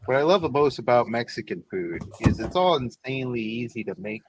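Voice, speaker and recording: A man's voice: medium pitch, expressive, a little fast, heavy background noise. A man chatting and joking on a casual podcast panel.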